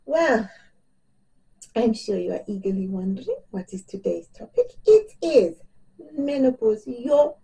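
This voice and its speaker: A woman's voice: on the high side, expressive, measured pace, gravelly, mellow, far from the mic, poor audio. Bubbly, tearful woman. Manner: laughs often, bubbly and emotional, voice cracking near tears. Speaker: vlogger. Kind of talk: casual chat to camera.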